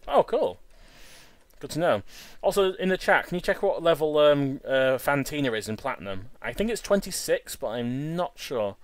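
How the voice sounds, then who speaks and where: A man hosting a game video, giving casual, excitable commentary that stumbles over repeated words and restarts. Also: fairly high pitch, normal speed, no room sound. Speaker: Let's Play host.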